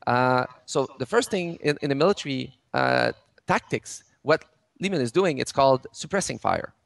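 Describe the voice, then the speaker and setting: Man explaining, halting restarts. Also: mid-range voice, very animated, vocal fry, dry recording. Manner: many restarts and fillers, gestures while explaining. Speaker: game studio head. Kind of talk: interview, explaining game mechanics.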